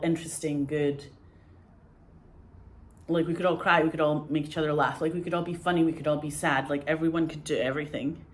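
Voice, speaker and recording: A woman's voice: low-pitched, a little hiss or hum. A woman in her forties, a podcast host, telling stories in a loose, chatty way full of fillers. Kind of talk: casual storytelling.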